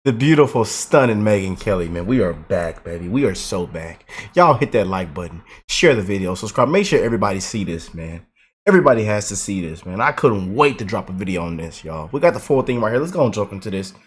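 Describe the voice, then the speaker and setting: A man hosting a reaction video, hyped and slangy, throwing in quick interjections. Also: fairly low pitch, sing-song. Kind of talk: casual reaction commentary.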